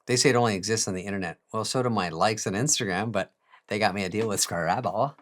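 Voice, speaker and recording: A male comedian delivering a monologue with a sarcastic, self-mocking edge and plenty of swearing. His pitch jumps around a lot as he talks. He chuckles at his own jokes. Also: lively intonation, fast, a bit bright. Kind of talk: comic monologue.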